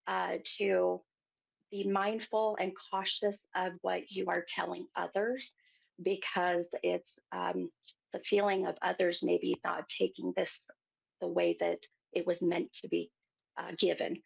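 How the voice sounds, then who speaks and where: A woman hosting a psychic show, giving a gentle reading to a caller and calling her hon. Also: lowish voice, flat delivery, unhurried, creaky, breathy edge. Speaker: psychic medium host. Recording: muffled lo-fi sound.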